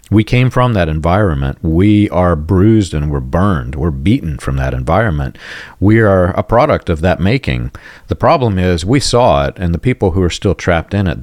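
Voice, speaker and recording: A man's voice: low voice, a little mellow, no echo, clean studio sound. A man hosting a podcast, talking in a reflective, earnest way. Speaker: podcast host. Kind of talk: casual podcast conversation.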